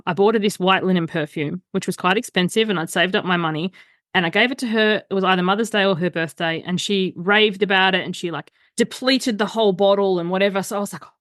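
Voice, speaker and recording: A middle-aged woman chats on a podcast as a guest coach. She tells stories with lots of energy and slips into the voices of the people she quotes. Her voice sits at an ordinary pitch, and the sound is dry and close. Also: no echo. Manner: animated storyteller, acts out quoted voices. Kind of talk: casual podcast chat.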